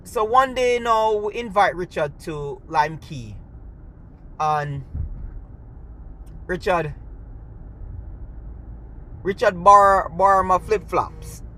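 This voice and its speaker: A man's voice: high voice, animated, slow pace, pauses often, pushed and bright, slight background noise. A man with a Jamaican accent telling a personal story in a chatty way, mixing in patois and often asking "you see me?". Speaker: storyteller, gymnastics coach.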